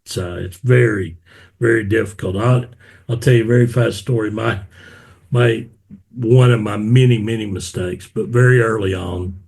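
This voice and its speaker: A man hosting a casual interview, with a husky, slightly rough voice. He tells stories with energy and acts out the other people in them. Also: fairly low pitch, moderate pace. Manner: animated storyteller, acts out quotes. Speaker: podcast host.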